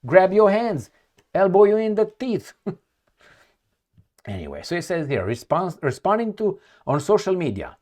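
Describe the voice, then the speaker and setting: A man reading news aloud and reacting with heated sarcasm, often searching for words and repeating himself as he goes. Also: a little high. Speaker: political commentator.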